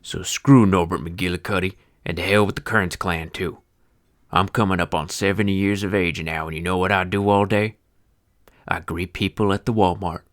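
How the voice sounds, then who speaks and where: An actor playing a bitter old horse-feed seller near seventy, who narrates in a deep voice with an old-timey Western twang and talks in a grumbling, sardonic, cursing folksy way. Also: male voice, steady tone, moderate pace, natural voice. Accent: old-timey Western American twang. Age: older. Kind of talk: film narration.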